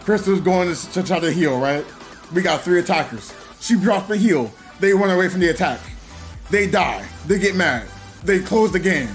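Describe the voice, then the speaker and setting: A man chatting casually on a gaming live stream, telling stories in an animated way and laughing often. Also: sits high, moderate pace, faint music behind. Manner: animated storytelling with frequent laughs.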